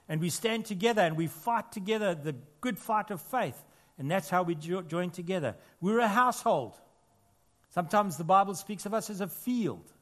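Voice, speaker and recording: A man preaching to his congregation, his voice pitched a little above the usual. He speaks earnestly, lifting to strong, emphatic peaks and then sinking into quiet, close asides. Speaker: pastor. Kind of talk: sermon. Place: church.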